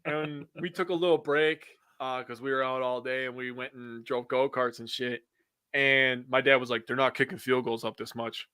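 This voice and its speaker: A man co-hosting a casual sports podcast, animated and quick to laugh, swearing freely as he talks games. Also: medium pitch, smooth, no room sound. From Wisconsin. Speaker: podcast co-host.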